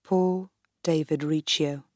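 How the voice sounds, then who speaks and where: A woman narrating a graded reader for learners in a slow, deliberate, clear reading. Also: low-pitched, steady tone, darkish tone, no room sound, studio quality. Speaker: audiobook narrator.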